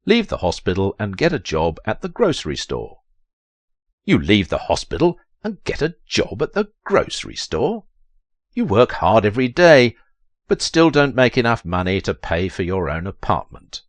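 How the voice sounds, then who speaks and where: A man's voice: very animated, normal speed, dry recording. A man narrating a text adventure in a theatrical, dramatic reading voice. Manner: theatrical, leaps to high strained pitch on quoted lines.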